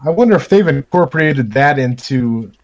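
A man's voice: mid-range voice, expressive, moderate pace. A man co-hosting a podcast, teasing his friends and swearing casually. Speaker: podcast co-host. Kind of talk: casual chat.

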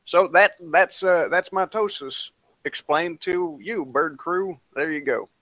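A man's voice: on the high side, fast, a bit bright, dry recording, lightly acted. A man voicing a rambling redneck who fumbles through a science explanation, hesitant and full of made-up facts. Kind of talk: comedic improv impression.

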